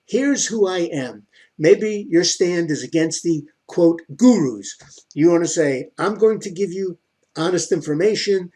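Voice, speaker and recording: A middle-aged man with a husky, somewhat raised voice gives an instructional talk on marketing. He talks emphatically and keeps firing rhetorical questions that he then answers himself. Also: on the high side, warm tone. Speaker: online marketing coach.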